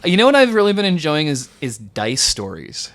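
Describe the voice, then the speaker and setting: A man's voice: a little high, normal speed. A man hosting a comedy podcast, telling stories in casual chat and laughing often. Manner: animated storyteller, laughs often. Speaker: podcast host.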